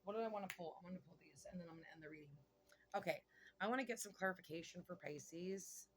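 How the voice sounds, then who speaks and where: A woman giving a casual tarot reading, chatty and excitable, thinking aloud and swearing now and then. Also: fairly low pitch, quick pace, slight background noise. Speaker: tarot reader.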